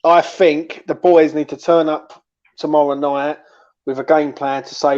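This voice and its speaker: A man's voice: on the high side, level tone, measured pace, a little mellow, muffled recording. A man speaking as a guest on a casual live fan preview, earnest and rambling, often repeating words as he goes.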